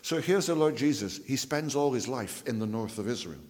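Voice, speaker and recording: A man preaching a sermon, emphatic, drawing out key words and dropping to a hush. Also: medium pitch, lively intonation. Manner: emphatic, drawn-out phrasing with dramatic drops to a hush. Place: church. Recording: reverberant church hall.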